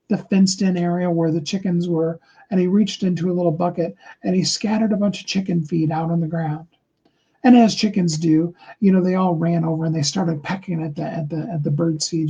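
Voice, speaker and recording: A man giving a motivational talk, telling a story slowly and deliberately, with many fillers and restarts. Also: sits high, dark tone, breathy edge, dull audio. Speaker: motivational speaker.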